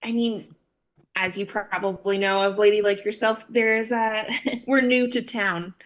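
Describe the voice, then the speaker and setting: A woman's voice: medium pitch, fairly even intonation, a little slow, natural voice. A woman voicing a shrewd trader who haggles in a coy, wheedling, playful way. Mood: haggling.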